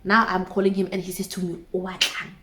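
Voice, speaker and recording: A woman's voice: mid-range voice, level tone, fast, fairly bright tone. A young woman in her twenties with a South African accent, casually telling a dramatic personal story to her viewers with asides. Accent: South African English.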